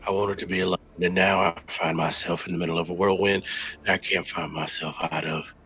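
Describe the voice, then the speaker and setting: A man voicing a weary, grief-stricken male vampire who strains and breaks into shouts. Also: low voice, little pitch movement, a little fast, slight background noise, poor audio.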